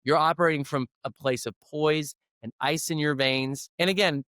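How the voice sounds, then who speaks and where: A man's voice: on the high side, fairly even intonation, normal speed, a bit bright, smooth, no room sound, clean studio sound. A middle-aged man, a leadership coach, telling a personal story in an interview in an earnest, conversational way. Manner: earnest storyteller who acts out quoted dialogue.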